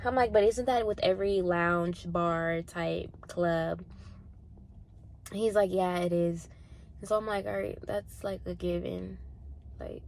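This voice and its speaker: A young woman in her twenties chatting casually at the gym, animated and full of "like", acting out the people in her story. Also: mid-range voice, moderate pace, a little hiss or hum. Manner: animated, acts out voices in quotes, frequent "like" and swearing. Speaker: vlogger.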